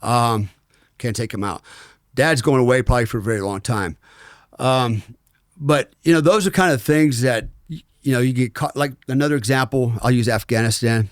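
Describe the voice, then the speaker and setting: Frank American ex-soldier telling war stories. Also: male voice, medium pitch, normal speed, no echo, clean studio sound. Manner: frank, rambling, many fillers and restarts. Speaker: former special forces soldier, podcast guest. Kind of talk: storytelling in a conversational interview.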